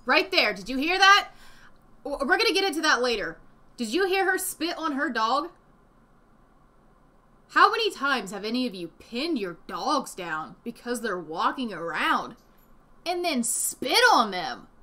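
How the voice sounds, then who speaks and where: A woman giving casual reaction commentary from home, indignant and animated, swearing often. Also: sits high, a little slow. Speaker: commentary vlogger. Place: home room with desk and a dog nearby.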